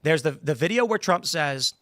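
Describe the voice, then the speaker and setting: A man's voice: fairly high pitch, expressive, normal speed, a bit bright, no room sound, clean studio sound. A male podcast host in a casual panel discussion, telling rambling stories and acting out quotes in different voices. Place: studio.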